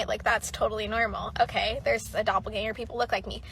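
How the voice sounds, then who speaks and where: A woman's voice: on the high side, fast talker, gravelly, a bit bright, a little hiss or hum, poor audio. A woman telling a casual story, chatty, acting out the dialogue of the people in it. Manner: chatty, acts out quoted dialogue.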